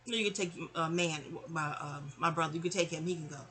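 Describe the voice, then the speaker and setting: A woman's voice: low voice, fast talker, fairly bright tone. Stern scolding mother, as a woman quotes her. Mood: firm. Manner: stern, firm.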